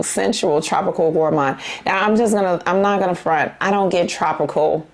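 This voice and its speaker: A woman's voice: lowish voice, normal speed, hardly any pauses. A woman chatting casually to camera as a perfume vlogger, gushing and saying you guys and y'all.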